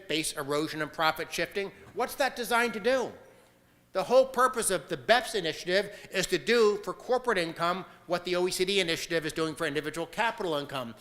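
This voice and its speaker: A man's voice: on the high side, sharp tone, long reverb tail. An American man giving a conference talk, emphatic and argumentative, with frequent filler sounds. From United States. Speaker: conference speaker.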